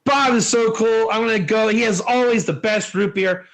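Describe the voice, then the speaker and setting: A man's voice: high voice, moderate pace, gravelly, poor audio. A man voicing an overexcited young male football fan who gushes about his best buddy. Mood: gushing. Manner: gushing, giddy.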